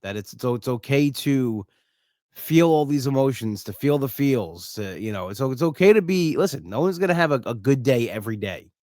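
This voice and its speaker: Middle-aged male podcast host, sincere and personal, halting restarts, dry close-miked sound. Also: mid-range voice, expressive, darkish tone, no echo. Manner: earnest, heartfelt, frequent restarts and "you know". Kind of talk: solo podcast monologue.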